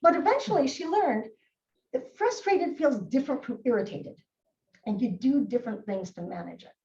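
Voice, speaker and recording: A high-pitched woman gives a live training talk, mellow in tone and full of swooping inflection as she acts out quoted voices. She is picked up from a distance in an echoey room, and the sound is dull. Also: moderate pace. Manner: lively, acts out quoted kids and adults. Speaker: presenter on child behavior. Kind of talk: recorded live training presentation. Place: presentation room.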